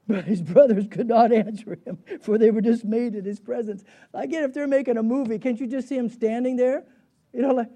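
A man teaching a sermon, animated and chuckling, who keeps putting rhetorical questions to his listeners. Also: very high voice, a little fast. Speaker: Bible teacher.

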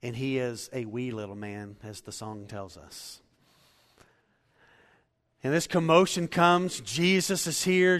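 Preaching man in a reverberant hall. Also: fairly high pitch. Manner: animated storytelling, rising to loud emphatic preaching. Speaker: pastor. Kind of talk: sermon.

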